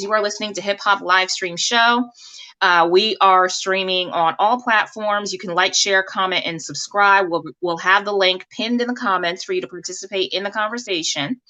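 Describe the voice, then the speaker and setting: Bright, chatty woman hosting a live stream. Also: medium pitch. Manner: lively, chatty, laughs often. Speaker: live stream talk show host.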